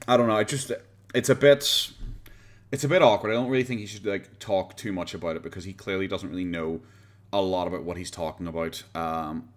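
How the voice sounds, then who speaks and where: An Irish man hosting a casual reaction livestream from home. He rambles and chats, laughs often and swears casually, speaking into a desk condenser mic. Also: low voice. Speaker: livestream host. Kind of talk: casual reaction stream chat. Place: home, pets nearby. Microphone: USB condenser desk mic.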